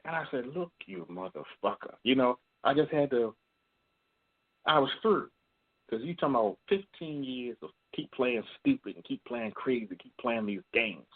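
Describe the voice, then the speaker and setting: A man's voice: medium pitch, normal speed. A man calling in to tell a personal confession, blunt and profane, acting out what others said. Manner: blunt, profane storytelling, acts out quoted voices. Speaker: caller. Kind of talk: call-in confession. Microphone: phone. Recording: tinny phone line.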